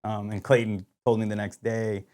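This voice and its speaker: A man co-hosting a podcast, telling a hunting story in casual chat, animated and full of "like" and acted-out dialogue. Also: on the low side, normal speed. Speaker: podcast co-host.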